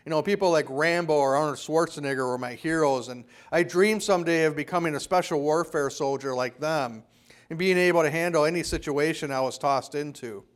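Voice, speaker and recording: Preaching a sermon fairly quickly, a pastor tells a story from his own army days, dropping his voice low to imitate a drill sergeant.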